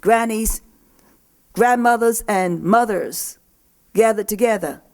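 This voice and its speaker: A woman's voice: mid-range voice, takes it slowly. An older woman, a poet and professor, gives a live talk to young people at a poetry festival. She speaks emphatically and repeats her key phrases for effect.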